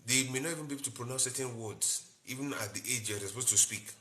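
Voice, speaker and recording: A man's voice: mid-range voice, quick pace, sharp tone. A man, a doctor hosting a live-stream health talk, explaining in short repeated phrases and greeting viewers by name.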